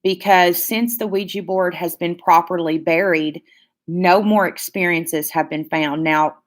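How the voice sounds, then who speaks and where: A woman's voice: on the low side, unhurried. A young woman hosting her own channel, telling a story in casual, profane chat, full of "like"s. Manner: profane, animated storytelling with many "like"s. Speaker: channel host.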